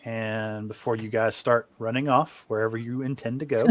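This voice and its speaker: A man's voice: medium pitch, fairly even intonation, normal speed. A man narrating as game master for an online tabletop game in a laid-back, easygoing way. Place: home setup, online stream.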